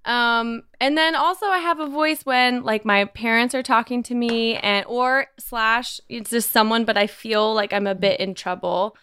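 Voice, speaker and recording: A woman's voice: fairly high pitch, steady tone, unhurried, hardly any pauses, pushed and bright, clean tone, no room sound. A woman with a Kentucky accent hosting a casual podcast, chatting in a youthful, self-deprecating way. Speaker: podcast host.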